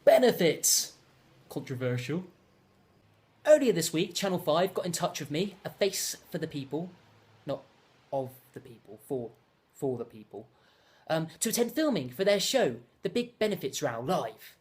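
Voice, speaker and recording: A young man delivering a deadpan, rambling comedic monologue as a self-absorbed character. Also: on the high side, normal speed.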